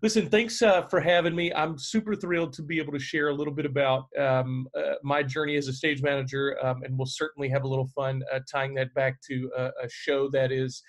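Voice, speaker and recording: A man's voice: medium pitch, level tone, fairly quick, hardly any pauses. A middle-aged man, a stage manager, chatting casually on a video call, with lots of fillers and restarts. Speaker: guest stage manager answering questions.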